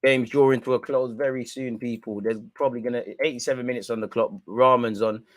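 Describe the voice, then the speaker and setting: A man's voice: mid-range voice, quick pace, dry recording. A young man reacts live to a football match, trading banter and the odd swear as the game swings. His voice sits mid-range, and the recording is close and dry with no room sound. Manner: excitable, banter-heavy, swears. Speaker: football watch-along streamer.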